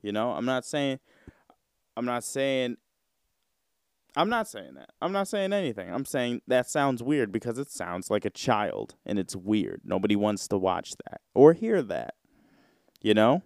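Lively, rambling young podcast guy. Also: medium pitch, unhurried, vocal fry, clear, resonant tone, dry recording, clean studio sound. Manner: rambling, slangy and profane. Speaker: podcast host. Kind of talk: casual podcast chat.

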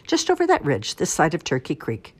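A woman's voice: sits low, huge pitch swings, fairly quick, slightly rough, pitched above the performer's own voice, heavily acted. A woman voicing an eager young country girl in a storybook reading, in a chirpy manner.

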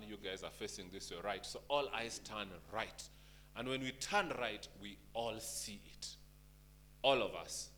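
A man's voice: on the low side, sharp tone, a little hiss or hum. A man preaching a sermon, asking the congregation rhetorical questions and urging them to stay with him.

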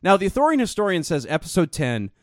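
A man's voice: high voice, huge pitch swings, fast talker, no echo, studio quality. A man co-hosting a podcast, chatting casually, swearing and laughing often. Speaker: podcast co-host. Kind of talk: casual chat.

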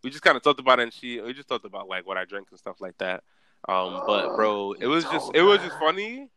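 A young man chatting casually, telling animated stories in slang. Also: mid-range voice, a little fast. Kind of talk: casual chat.

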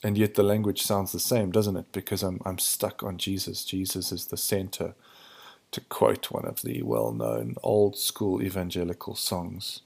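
A man hosting a podcast, thinking aloud in a hesitant, searching way, his voice hoarse and gravelly in the early morning. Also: low voice, lively intonation, moderate pace, few pauses, a little mellow. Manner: searching, hesitant, restarts to find words. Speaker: podcast host. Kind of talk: reflective spiritual monologue.

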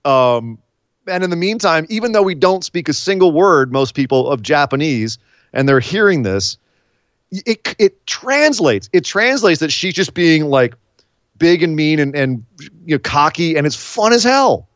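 An American man co-hosting a wrestling podcast, talking in a rambling, animated casual chat with many fillers. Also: fairly high pitch, moderate pace, dry recording, dull audio. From United States.

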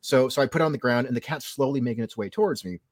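A man's voice: racing, no room sound, clean studio sound. A man from California co-hosting a podcast, telling a long story in casual chat with many restarts and fillers. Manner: acts out quoted voices in a higher pitch. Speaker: podcast co-host.

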